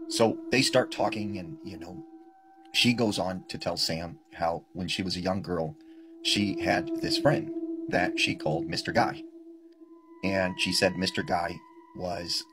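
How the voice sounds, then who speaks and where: Deep-voiced man telling a creepy story. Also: big pitch swings, unhurried, noisy background. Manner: casual, filler-heavy storytelling. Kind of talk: spoken scary story telling. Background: music.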